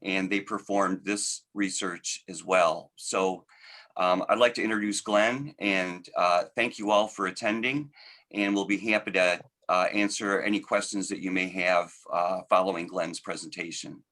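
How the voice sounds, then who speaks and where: Bright-toned man hosting a webinar. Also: deep voice, fairly even intonation. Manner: measured, with hesitant fillers. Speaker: host introducing a webinar. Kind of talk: formal introduction. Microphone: video call.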